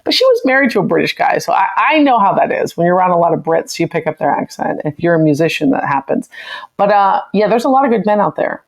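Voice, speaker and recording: Chatty opinionated American woman, low voice. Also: big pitch swings, vocal fry. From United States. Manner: chatty, opinionated, quick reactions. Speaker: livestream host. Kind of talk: live chat reading viewer comments.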